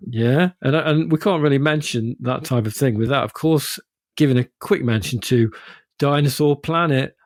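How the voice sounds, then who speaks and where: A man's voice: medium pitch, moderate pace, dry recording, clean studio sound. A man co-hosting a podcast, musing thoughtfully in casual chat. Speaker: podcast co-host.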